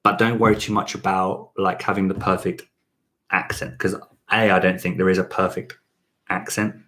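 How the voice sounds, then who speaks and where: A man hosting a relaxed question-and-answer chat about learning French, rambling with many fillers and restarts. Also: sits low, moderate pace. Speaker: channel host teaching French.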